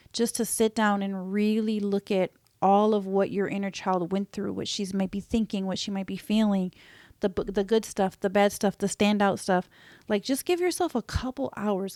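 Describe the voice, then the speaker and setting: A woman speaks gently and earnestly, as if confiding in her listeners. Her voice sits in a middle pitch range. It is recorded close and dry, with no room sound. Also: no room sound. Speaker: podcast host. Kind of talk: reflective personal talk.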